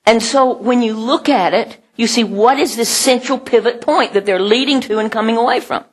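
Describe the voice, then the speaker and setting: A woman's voice: a little high, normal speed, husky. A middle-aged woman giving a sermon in a conversational way, laughing often and acting out the voices she quotes. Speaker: pastor.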